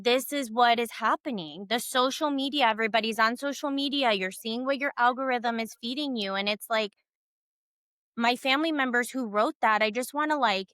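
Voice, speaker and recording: Bright, earnest woman podcast co-host. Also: fairly high pitch, no echo. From Cuban family background. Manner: earnest, emphatic, many "like" fillers. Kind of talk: casual podcast conversation.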